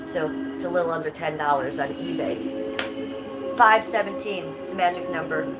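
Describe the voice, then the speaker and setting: Brief: middle-aged woman, lowish voice, chatty and blunt on a home stream, music up behind her. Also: moderate pace, poor audio. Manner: chatty and blunt, swears casually. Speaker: livestreamer. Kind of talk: casual livestream chat. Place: living room at home. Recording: music playing clearly behind.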